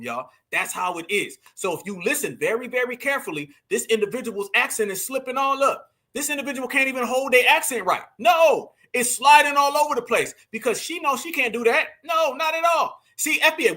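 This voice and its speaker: A man with a Southern US accent hosting a livestream, talking straight to his audience in animated casual commentary. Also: very high-pitched. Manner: animated, addresses audience as fam and y'all. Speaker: livestream host.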